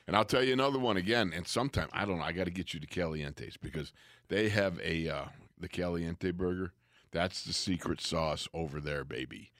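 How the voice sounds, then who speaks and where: A man's voice: sits low, brisk, fairly bright tone, no room sound, studio quality. A man co-hosting a casual sports chat, hearty and easygoing, exclaiming freely. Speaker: co-host.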